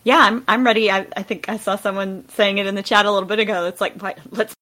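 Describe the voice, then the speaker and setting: Bubbly woman with a bright voice. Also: medium pitch, fairly even intonation, fast talker. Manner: bubbly, lots of fillers and laughs. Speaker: guest. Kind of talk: casual chat.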